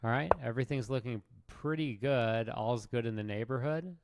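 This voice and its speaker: A man's voice: medium pitch, normal speed. A man streaming his chess games, commenting on the moves in a wry, rambling, self-mocking way. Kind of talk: casual live game commentary. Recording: loud background noise.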